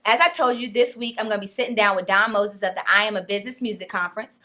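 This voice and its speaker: A woman's voice: mid-range voice, fast. A woman hosting a talk show, upbeat and playful, chatting casually with a guest. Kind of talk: casual interview chat. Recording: roomy, far from the mic, faint noise.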